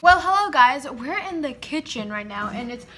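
A woman's voice: high-pitched, expressive, moderate pace, sharp tone, faint music behind. A teenage girl chatting casually in a vlog on a handheld phone, bubbly and slangy. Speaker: vlogger. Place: home and stores, filmed on the go.

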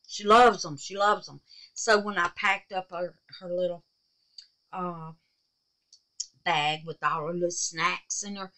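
A woman's voice: lowish voice, fairly even intonation, unhurried, pauses often, pushed and bright, rough recording. A woman hosting a crafting vlog in her home art room, chatting with viewers and calling them baby and darling. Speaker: resin art channel host. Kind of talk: casual crafting vlog chat.

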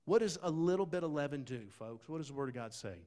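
A man preaching a sermon in a folksy, conversational way, talking straight to the congregation, dropping to quiet asides and rising to loud, emphatic bursts. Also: fairly high pitch, animated, fast talker. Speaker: pastor.

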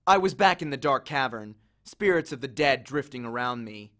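A man narrating a novel in the first person in a measured, expressive storytelling manner. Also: medium pitch. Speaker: audiobook reader.

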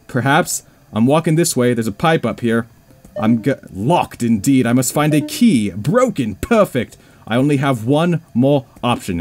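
A man's voice: mid-range voice, a little mellow. A man giving playful, mock-scared commentary over a horror video game playthrough, joking and talking to himself as he goes. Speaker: let's play gamer.

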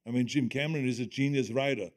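A man's voice: mid-range voice, fast. Older man with a German accent. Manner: animated, quotes others in lively voices, laughs often. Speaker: guest. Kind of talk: storytelling on stage in conversation.

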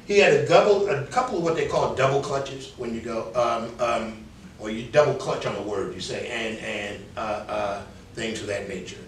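A New York public speaking instructor talks a little fast in a mid-range voice, giving his class candid, conversational feedback and mimicking their filler words as he corrects them. The mic sits at a distance in an echoey room, with slight background noise.

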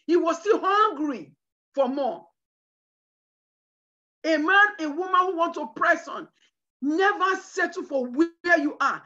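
A woman preaches a fervent sermon in a high, sharp, bright voice, breaking into shouted bursts. The recording sounds dull and lo-fi. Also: expressive, measured pace. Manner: emphatic preaching with shouted bursts and cries of hallelujah. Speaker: preacher at a women's conference.

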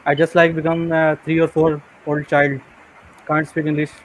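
Guy in an online english class asking stuff, earnest, kinda halting, slightly high voice. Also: completely flat delivery, a little hiss or hum, poor audio. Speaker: student asking questions. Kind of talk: question in a live class.

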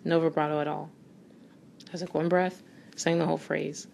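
A woman's voice: sits low, little pitch movement, moderate pace, vocal fry, a little mellow, slight background noise. A woman vocal coach talking through singing technique in a loose, explanatory way, often restarting her sentences. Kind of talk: casual spoken voice lesson.

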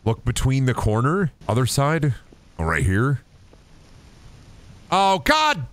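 A man streaming a game live, swearing a lot and talking straight to his chat in an excitable, rambling way. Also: medium pitch, normal speed. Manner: profane, excitable, talks to chat. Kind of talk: casual live-stream commentary.

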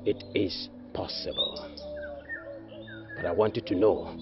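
A man with a Nigerian accent playing a solemn spirit who guides the dead, speaking in grave, measured pronouncements. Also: lowish voice. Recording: dull lo-fi audio under loud music.

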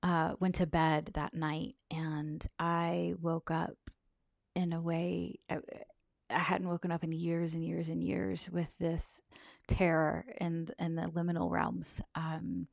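A woman telling a personal story in a soft, halting, reflective way, often close to a whisper and on the verge of tears. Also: low-pitched, vocal fry, dry recording. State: tearful, on the verge of crying. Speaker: vlogger sharing a personal account.

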